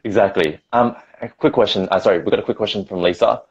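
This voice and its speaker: A man with an Australian accent hosting an interview, relaxed and encouraging. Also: on the low side, quick pace, slightly rough, highs cut off. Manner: relaxed, encouraging, laughs easily. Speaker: host. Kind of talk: casual interview chat.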